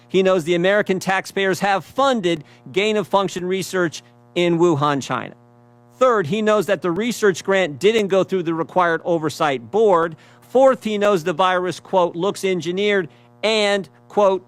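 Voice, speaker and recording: A man giving a prepared speech, reading out quotes and stressing points with repeated phrases and rhetorical questions. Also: fairly high pitch.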